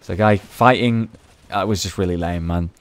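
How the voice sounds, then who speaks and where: A man's voice: sits low, moderate pace, clean tone. A young man chatting casually over gameplay footage, recapping rounds and swearing freely. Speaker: gaming video host.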